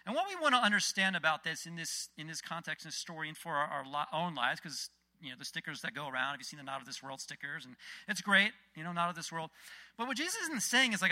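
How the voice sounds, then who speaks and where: Man, preacher, casual sermon, very bright tone, slightly high voice. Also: fast talker. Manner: conversational, animated, frequent restarts. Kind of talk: casual sermon with Bible reading.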